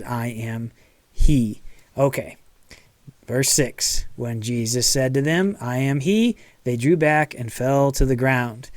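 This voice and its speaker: A man's voice: mid-range voice, no echo. A man preaching a sermon as pastor in a casual, conversational way, checking in with "okay" and acting out quotes. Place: church.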